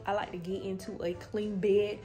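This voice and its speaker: A woman's voice: mid-range voice, flat delivery, measured pace, dark tone. Young woman talking into her phone in her bedroom, slangy and cussing, faint music behind. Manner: loose, slangy, swears freely, talks straight to viewers. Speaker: vlogger. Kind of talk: casual vlog chat. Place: bedroom at home. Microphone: phone camera.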